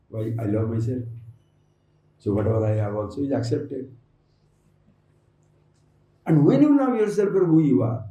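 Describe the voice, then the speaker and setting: A man's voice: medium pitch, warm tone. A man giving a spiritual discourse to a camp audience, teasing his listeners with rhetorical questions and acting out their replies. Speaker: spiritual teacher. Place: large hall at an ashram. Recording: echoey hall, voice from a distant mic.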